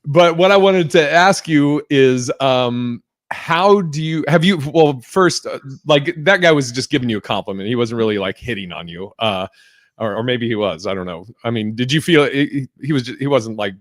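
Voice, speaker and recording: This podcast host talks in a loose, profane way at normal speed, full of fillers and restarted sentences. His voice is middle-pitched, and the recording is dry and close, without any echo or room around it.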